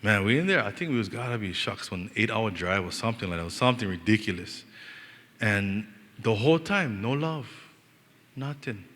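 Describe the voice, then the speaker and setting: A young adult man from Hawaii with a Hawaiian Pidgin-inflected accent, preaching a storytelling sermon, animated and joking, acting out the voices of the people in his stories. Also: lowish voice, a little fast. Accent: Hawaiian Pidgin-inflected English. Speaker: pastor. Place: church hall. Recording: long reverb of a church hall.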